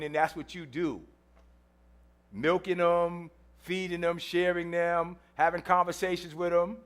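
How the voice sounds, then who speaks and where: A man preaching a sermon in a church, telling a story with humor, acting out the people in it and repeating phrases for emphasis. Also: a little high. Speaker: pastor.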